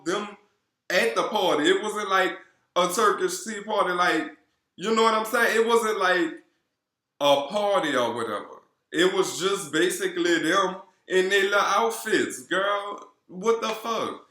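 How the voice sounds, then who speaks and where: Recap vlogger, male, New Orleans accent; sassy and animated, a touch high-pitched, in an echoey room. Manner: sassy, animated, swears constantly, calls viewers girl. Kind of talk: casual profane gossip recap. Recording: roomy echo.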